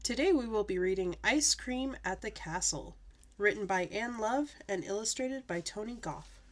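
A woman storyteller reading a children's picture book aloud, with an expressive, animated delivery. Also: medium pitch, normal speed.

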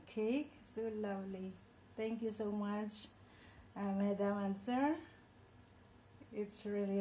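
A woman's voice: medium pitch, warm tone, slight background noise. A tearful woman vlogger who effusively repeats her thanks to her employers in a casual, emotional vlog.

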